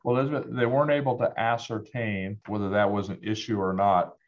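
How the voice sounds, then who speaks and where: A man's voice: on the low side, little pitch movement, fairly quick, highs cut off. A man co-hosting a medical news podcast, explaining statistics with emphasis. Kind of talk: conversational medical news review.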